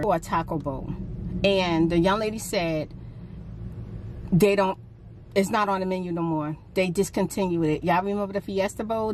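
A middle-aged woman vlogger telling a casual story, relaxed with sighing pauses, her voice jumping up when she acts out what others said. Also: a little hiss or hum. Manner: animated retelling, pitch jumps up for quoted speech.

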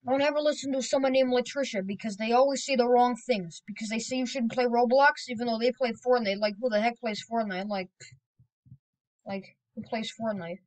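A woman giving casual gameplay commentary as a video creator, rambling and excitable, with sudden loud exclamations. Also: a little high, brisk, rough recording.

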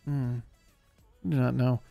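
A man voicing a gentle, simple-minded male barbarian warrior who talks slowly and formally, never using contractions, in a live game roleplay. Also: mid-range voice, little pitch movement, vocal fry, muffled recording, faint music behind, pitched below the performer's own voice. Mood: earnest. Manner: speaks without contractions, childlike and earnest. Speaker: streamer.

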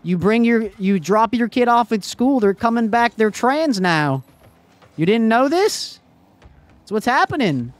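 A man's voice: very high-pitched, expressive, measured pace, no echo, voice pushed up. A man putting on the voice of a gullible, alarmed conspiracy theorist, mocking him with exaggerated outrage. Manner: loud, exaggerated mock outrage.

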